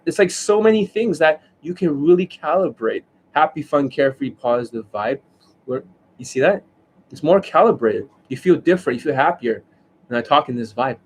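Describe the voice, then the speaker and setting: A man ranting as a dating coach on a livestream, profane and mocking, who keeps demonstrating and asking whether you see it. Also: mid-range voice. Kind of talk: livestream rant.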